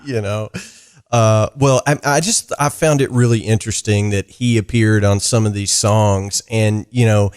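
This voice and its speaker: Smooth-voiced man hosting a podcast. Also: on the low side, steady tone, moderate pace, darkish tone, no room sound, clean studio sound. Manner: friendly, chatty with fillers. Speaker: podcast host. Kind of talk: casual interview chat.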